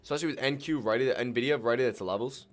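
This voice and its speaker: Excitable male day-trading streamer. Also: medium pitch, fast talker. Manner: excitable, swings from calm muttering to loud whoops; slangy, keeps addressing viewers as ladies and gentlemen. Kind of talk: live trading stream commentary.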